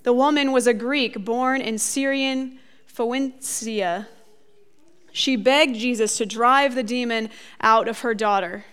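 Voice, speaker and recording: A woman preaching a sermon in a conversational style with animated asides. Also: fairly high pitch, slow pace, clear, resonant tone. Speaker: pastor.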